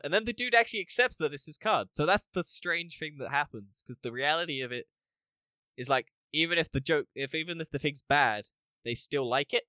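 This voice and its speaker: Bright, animated podcast guy. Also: a little high, a little fast, clean tone, no room sound. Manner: animated, acts out scenes, laughs often, swears. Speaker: podcast co-host. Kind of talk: casual spoiler review chat.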